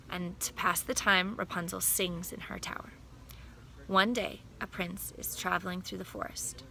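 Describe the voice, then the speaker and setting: A woman casually retelling a fairy tale in a plain, unhurried way, correcting herself now and then. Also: medium pitch, vocal fry, pushed and bright, slight background noise. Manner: plain, unhurried telling with small self-corrections. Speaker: storyteller.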